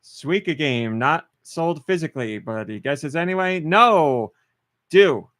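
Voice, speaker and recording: A man's voice: on the high side, expressive, unhurried, a bit bright, no room sound, clean studio sound. A man hosting a casual podcast, running a guessing game with playful teasing. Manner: playful, teasing quiz-master. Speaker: podcast host.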